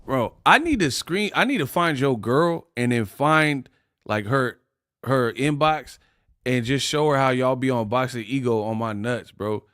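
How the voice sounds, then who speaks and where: A man's voice: mid-range voice, expressive, measured pace, fairly bright tone, no echo, clean studio sound. A man hosting a casual boxing livestream, laughing often and trash-talking his chat readers.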